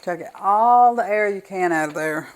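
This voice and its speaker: A woman's voice: medium pitch, moderate pace, rough recording. An older woman with a Southern US accent, chatting folksily and enthusiastically while demonstrating home cooking in her kitchen.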